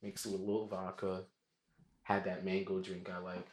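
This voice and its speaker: A man's voice: low-pitched, monotone, moderate pace. A man co-hosting a podcast in loose, joking casual chat. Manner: loose, jokey, swears, shouts in bits. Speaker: podcast co-host.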